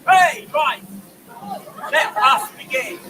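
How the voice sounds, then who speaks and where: A man performing as a poet on a city street, playful and exuberant, often shouting to draw the crowd into call-and-response. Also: very high voice, slow. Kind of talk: street performance poetry with audience participation. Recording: distant mic, crowd and street noise.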